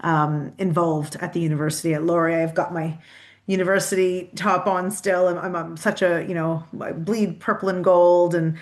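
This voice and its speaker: A woman's voice: lowish voice, level tone, normal speed. A Canadian woman with a Canadian accent, answering interview questions in a chatty way, with many restarts and fillers, over a video call. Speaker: guest.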